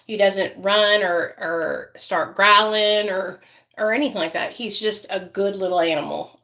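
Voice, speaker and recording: A woman's voice: mid-range voice, measured pace, bright, forceful tone. A woman vlogging casually while doing her makeup, rambling and chatty with many fillers, and doting on her dog. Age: adult parent.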